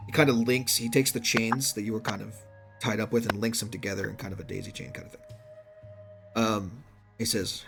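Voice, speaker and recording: A man with a low, gravelly voice runs a tabletop game. He narrates in a relaxed, loose way, full of fillers and small laughs. Faint music plays behind him. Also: brisk. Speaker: game master.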